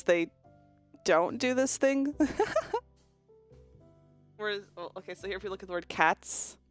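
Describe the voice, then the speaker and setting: A young woman with a fairly low voice chats casually on a livestream, explaining pronunciation through hands-on demonstrations. She swears freely and keeps a loose, conversational flow. Faint music plays behind her. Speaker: virtual streamer. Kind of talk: casual chat stream about linguistics.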